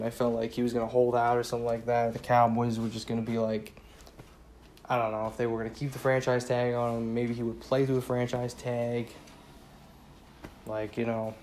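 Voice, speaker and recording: Speaking solo, a podcaster vents about his team in a mid-pitched, slightly mellow voice. It's a casual sports rant full of rambling sentences and repeated "you know"s, with free swearing when he gets worked up, over a faint background hiss.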